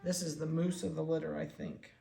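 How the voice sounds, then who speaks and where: A dog breeder in a casual chat, handling puppies and talking to them in soft baby talk between explanations. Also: mid-range voice, flat delivery, a little fast, vocal fry. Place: indoor room of a home. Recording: echoey room, faint background noise.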